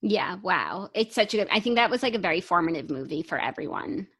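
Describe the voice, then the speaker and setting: A woman's voice: fairly low pitch, very animated, a little fast, fairly bright tone, husky. A woman co-hosting a podcast in casual, upbeat chat, often saying "like". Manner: chatty and upbeat, uses "like" often. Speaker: podcast co-host.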